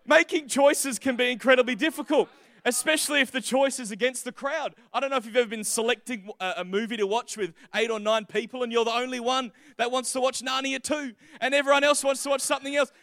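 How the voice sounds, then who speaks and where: A man preaching a sermon, moving from casual jokes to slow, emphatic scripture reading. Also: extremely high pitch, fairly even intonation, fairly bright tone.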